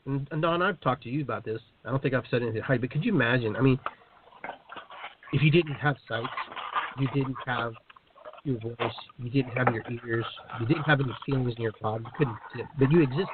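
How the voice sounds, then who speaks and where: Musing man on a tinny call line. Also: medium pitch. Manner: musing, repeats words while thinking. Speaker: host. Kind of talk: casual spiritual discussion. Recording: tinny phone-like line, faint hiss.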